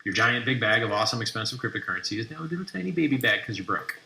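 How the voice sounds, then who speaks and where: A man's voice: medium pitch, animated, racing, gravelly, pushed and bright. A man hosting a live stream, brashly mocking and trash talking as he reads through posts. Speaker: livestream host. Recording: roomy echoey room.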